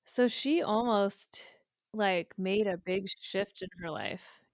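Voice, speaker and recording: A woman's voice: medium pitch, slow pace, dry recording, studio quality. Supportive woman hosting a podcast chat. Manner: supportive, responsive interviewer. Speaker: podcast host. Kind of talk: casual interview chat.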